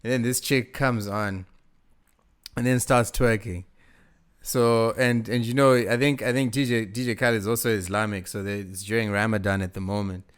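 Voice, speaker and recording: A man's voice: on the low side, fairly even intonation, moderate pace, clear, resonant tone. A man co-hosting a podcast in casual chat, easygoing, often repeating words and laughing a lot. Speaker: podcast co-host.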